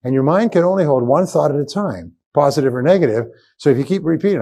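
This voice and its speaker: A man's voice: medium pitch, expressive, fast talker, few pauses, mellow. An older man speaks at a motivational seminar, speaking to a live audience in a mid-range voice. He is emphatic and repetitive, hammering short phrases and rising to punchy exclamations.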